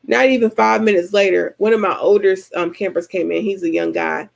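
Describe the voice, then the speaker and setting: A woman from Georgia with a Southern American accent, chatting casually with her viewers and telling stories in an animated, colloquial way. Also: mid-range voice, fairly quick, vocal fry. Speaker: vlogger host answering subscriber comments. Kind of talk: casual chat.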